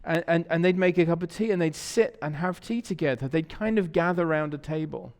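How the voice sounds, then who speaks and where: In a church sanctuary with long reverb, an English pastor preaches a sermon in a voice on the high side, speaking a little fast. He tells conversational stories and puts questions to the congregation.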